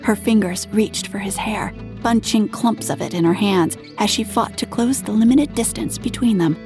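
Soft-voiced woman reading an erotic story. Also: medium pitch, moderate pace, music in the background. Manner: soft, intimate, often half-whispered. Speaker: narrator.

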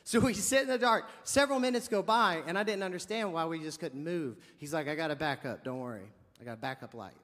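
A man's voice: on the high side, fast talker, few pauses, in a large hall. A man preaching a sermon, telling a funny story with lots of acted-out dialogue and comic asides. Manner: animated, jokey storyteller acting out dialogue.

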